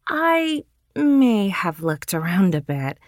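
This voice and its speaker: A woman's voice: medium pitch, sing-song, slow, no room sound, studio quality, pitched above the performer's own voice. A woman doing a bubbly reckless little sister. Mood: playful. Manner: eager, bossy and upbeat.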